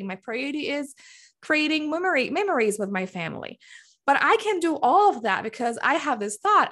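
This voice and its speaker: Woman, high voice, very animated pitch, earnest coaching talk, casual fillers. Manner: earnest, repeats "right?" and "like". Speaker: mom life coach. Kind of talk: motivational talk to listeners.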